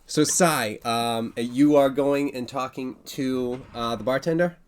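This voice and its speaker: A man's voice: medium pitch, takes it slowly, clear, resonant tone. Hesitant male game master. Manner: hesitant, many fillers. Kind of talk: narrating a tabletop game.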